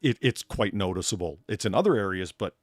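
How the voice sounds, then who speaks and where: A man hosting a casual chat stream, talking in an animated way and swearing freely, with faint music behind him. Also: deep voice, a little fast, no echo, clean studio sound. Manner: animated, swearing, laughs at own jokes. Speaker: streamer host, bartender of the show.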